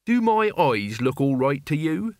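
A man's voice: fairly high pitch, very animated, unhurried, a little mellow, dry recording, studio quality. A man voicing an earnest, intense young man in an audiobook. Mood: anxious. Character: young man, anxious turning menacing. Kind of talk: audiobook character voice.

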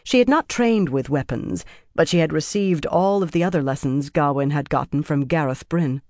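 A narrator reading a fantasy novel in a measured, steady audiobook style. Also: medium pitch, dry recording, clean studio sound.

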